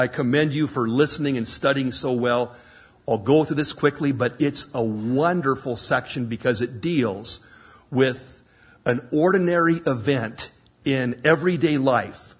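A man preaching a sermon, telling Bible stories in an animated way and acting out the voices, his voice hoarse. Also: mid-range voice, a little slow. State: hoarse, coughing. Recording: dull lo-fi recording.

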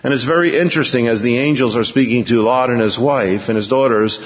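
A pastor teaching an expository sermon, reading scripture aloud and then explaining it with emphatic repetition. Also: male voice, mid-range voice, a little fast. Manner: emphatic, repeats key phrases. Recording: lo-fi recording in a large reverberant hall.

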